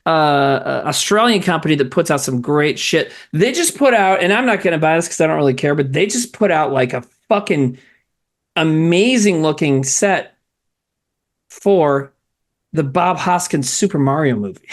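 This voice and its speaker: A man's voice: on the high side, animated, moderate pace. A man co-hosting a casual trailer-review chat, rambling through his thoughts with lots of swearing and laughter. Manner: rambling, laughing, swears a lot, many fillers. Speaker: podcast co-host.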